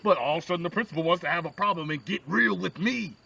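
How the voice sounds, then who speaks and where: Animated young man telling a crude comic story. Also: on the high side, fast talker, creaky, dull audio, noisy background. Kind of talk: rambling comic shaggy-dog story.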